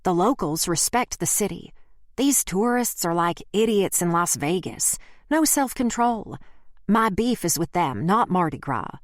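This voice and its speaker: A woman's voice: fairly low pitch, animated, unhurried, no echo, clean studio sound. A woman voicing a chatty young female bartender from the South who speaks bluntly, reading an audiobook. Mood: frank. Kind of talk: audiobook character voice.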